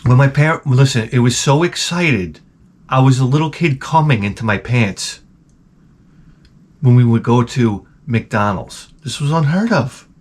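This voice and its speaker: A man's voice: medium pitch, a little slow. A middle-aged man, hosting a rambling, profane comedic monologue. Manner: rambling, profane, animated ranting. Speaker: host.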